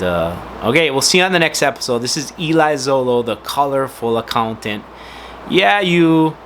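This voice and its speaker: A man's voice: mid-range voice, a bit bright, a little hiss or hum. A man hosting his own channel, telling a casual family-name story with lots of fillers and restarts. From United States. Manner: rambling, with many fillers and restarts. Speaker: host of a personal video channel.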